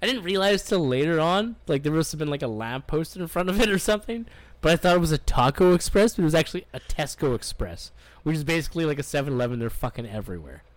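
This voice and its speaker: A man's voice: on the high side, lively intonation, fast, no echo. A man from Canada telling a rambling travel story on a podcast, swearing a lot and acting out what people said. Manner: rambling, profane, acts out quoted voices. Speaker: podcast co-host. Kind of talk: casual storytelling chat.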